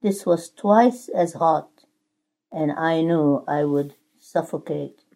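Lady preacher doing a scared little clay teacup begging to stop, low dark voice, slow. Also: gravelly, heavily acted. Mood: anguished. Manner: pleading, crying out. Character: suffering clay teacup, pleading and frightened.

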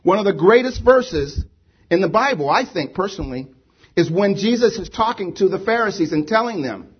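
A man's voice: sits high, lively intonation, normal speed, breathy edge, muffled recording. A man preaching a sermon to a congregation, emphatic, repeating rhetorical questions. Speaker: pastor. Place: church with a congregation.

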